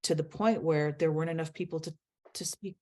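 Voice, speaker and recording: A woman's voice: deep voice, steady tone, fast, darkish tone, a little hiss or hum. A middle-aged woman, a guest, speaking earnestly in a candid interview and laughing as she tells stories.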